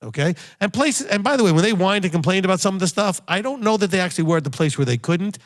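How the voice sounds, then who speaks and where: A male rabbi delivers a teaching sermon in a somewhat raised voice that swings widely in pitch. He exhorts his listeners bluntly and repeats his key phrases for emphasis. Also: lively intonation, fast.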